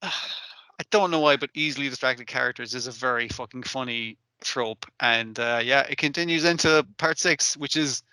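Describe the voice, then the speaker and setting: A man co-hosting an anime podcast, chatting casually with lots of swearing and acting out scenes in quick asides. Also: mid-range voice, no room sound. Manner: profane, animated, acts out characters in quick asides. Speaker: podcast co-host. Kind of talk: casual chat recapping an anime.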